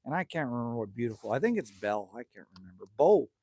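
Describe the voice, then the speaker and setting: A man's voice: mid-range voice, very animated, racing, husky. A man in his fifties from Canada, hosting a casual livestream at his cabin and bantering crudely with chat. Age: 50s. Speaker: livestream host. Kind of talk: casual live chat reading viewer comments. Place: outdoors at a cabin by a campfire.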